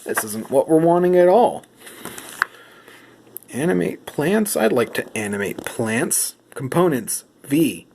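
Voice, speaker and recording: A man's voice: mid-range voice, big pitch swings, unhurried, few pauses, dark tone, slight background noise. A man giving a mock-serious comedic vlog monologue while he leafs through rulebooks. He plays at outrage and puts questions to a silent companion. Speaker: vlogger.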